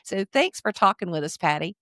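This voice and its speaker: A woman's voice: on the low side, lively intonation, brisk, fairly bright tone, dry recording, studio quality. A woman hosting a podcast, asking questions and signing off in an upbeat, encouraging way. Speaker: podcast host. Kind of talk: podcast interview and sign-off.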